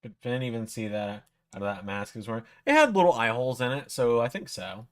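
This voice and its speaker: A man talks loosely over a live stream while he watches wrestling, his pitch sitting in an ordinary middle range. He rambles in a relaxed, offhand way, tossing in the odd swear and mumbling side remarks. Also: fast. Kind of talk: casual live reaction chat.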